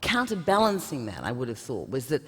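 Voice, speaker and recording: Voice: mid-range voice, wildly swooping pitch, brisk, fairly bright tone, breathy edge. An interviewer asking wry, probing questions on a concert hall stage. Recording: long reverb of a large hall.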